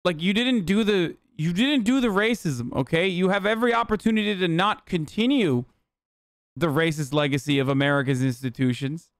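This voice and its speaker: A man's voice: high-pitched, normal speed, dry recording. Male streamer host, casual and profane, exasperated riffing; close dry mic. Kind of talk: casual live-stream commentary.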